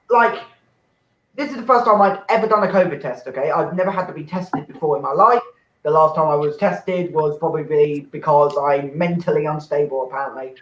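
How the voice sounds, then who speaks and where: High-voiced rambling young male comic. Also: moderate pace. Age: young adult. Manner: rambling, swearing, self-interrupting, shouting bursts. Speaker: host and stand-up comic. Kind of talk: stand-up set on an online open mic. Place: his flat. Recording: echoey, dull lo-fi home mic.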